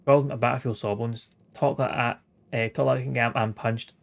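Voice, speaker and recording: A man in his late thirties plays through a story game on stream, reading the characters' lines aloud between wry, sweary asides. His voice sits at a middle pitch, and he keeps things casual with the odd chuckle. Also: fairly even intonation, quick pace, creaky. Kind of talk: casual let's-play commentary, reading game dialogue aloud.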